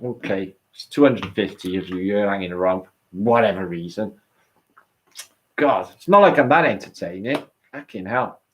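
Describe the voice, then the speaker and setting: A man's voice: fairly low pitch, animated, moderate pace, fairly bright tone, a little hiss or hum. A man hosting a late-night livestream, rambling and swearing as he chats with his viewers and answers their comments. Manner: rambling, sweary, chatty with the audience. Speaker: livestream host.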